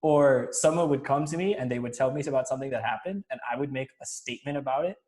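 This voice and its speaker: A young man hosts a relaxed talk and tells his stories with energy. He acts out what others said and laughs easily. His pitch sits in the middle for a man. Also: fast. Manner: animated, acts out quotes, laughs often. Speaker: podcast host. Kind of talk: casual conversation.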